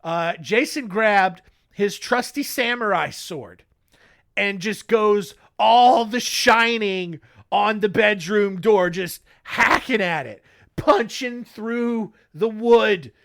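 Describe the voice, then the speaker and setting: A male podcast host tells a story in a comic, rambling way and keeps cutting in on himself with jokes. His voice sits high and sounds bright. He talks at an unhurried pace. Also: vocal fry. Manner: rambling, jokey, self-interrupting.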